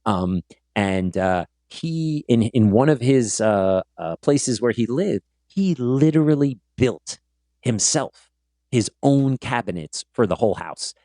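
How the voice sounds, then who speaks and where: A middle-aged man hosting a podcast interview, telling stories in a casual, animated way and acting out what people said. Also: mid-range voice, takes it slowly, no echo, studio quality. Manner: animated storyteller, acts out quotes. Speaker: podcast host.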